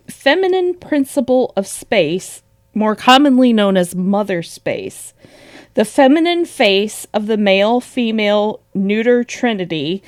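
A woman's voice: medium pitch, a little mellow, no room sound, studio quality. A woman co-hosting a podcast, chatting casually, often laughing and swearing with sarcasm. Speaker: podcast co-host. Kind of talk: casual chat.

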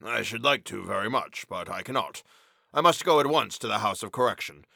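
A man voicing a short-sighted older police official with gray whiskers, speaking slowly and matter-of-factly in a storybook reading. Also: lowish voice, lively intonation, creaky, bright, forceful tone, slightly rough, no room sound, clean studio sound, voice pushed down, full character voice. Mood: calm.

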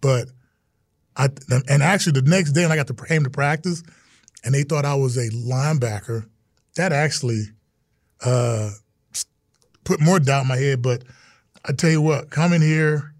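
A man's voice: medium pitch, normal speed, long pauses, no room sound, studio quality. A middle-aged man, a former pro football player, telling stories in a casual interview and acting out the voices of people he quotes. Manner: earnest storytelling, acts out quoted voices.

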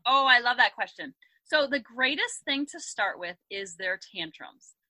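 A woman in her thirties, a parenting coach and podcast guest, explaining her approach in a lively conversational way, often acting out quotes. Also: fairly high pitch, normal speed, no echo, rough recording. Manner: upbeat, animated storytelling with acted quotes. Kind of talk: conversational interview.

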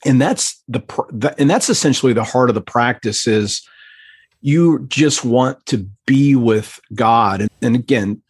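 A man's voice: medium pitch, unhurried, breathy edge, no echo. A man earnestly telling an emotional personal story as a podcast guest, then explaining a prayer practice. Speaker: podcast guest, pastor trainer. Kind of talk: conversational storytelling.

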